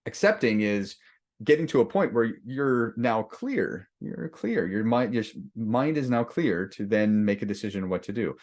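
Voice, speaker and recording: A male leadership coach with a low voice talks through a workshop lesson. He is loose and conversational, restarting his sentences and acting out the griping voice in people's heads. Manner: conversational, acts out inner voices with many restarts.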